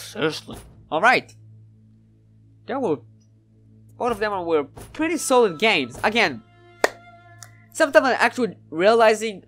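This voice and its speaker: A man giving live gameplay commentary. He is excitable and swears often, and he sounds frustrated during matches and more hesitant when looking back afterward. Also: high voice, a little slow, long pauses, soft background music.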